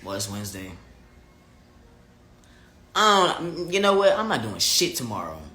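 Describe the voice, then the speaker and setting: A man's voice: medium pitch, big pitch swings, unhurried, pushed and bright, roomy sound. A man livestreaming casual chat to his viewers and reading their comments, candid, profane and emphatic. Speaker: vlogger talking live to viewers.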